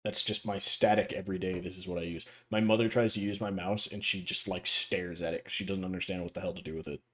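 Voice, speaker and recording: Brief: low-pitched male podcast host, loose and profane, tells stories with energy. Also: fast. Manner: profane, animated storyteller. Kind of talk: casual gaming chat.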